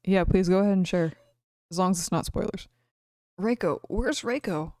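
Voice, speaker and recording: A woman's voice: on the low side, flat delivery, quick pace, dark tone, smooth, dry recording, clean studio sound. A woman streamer reading a visual novel aloud, breaking off to gasp and react. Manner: reads dialogue with reactions and gasps in between.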